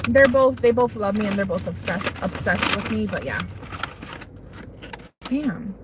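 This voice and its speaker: Heavy background noise surrounds a medium-pitched female voice speaking at a measured pace. She's a young livestream host rambling through her lunch break in a parked car, eating and reading chat.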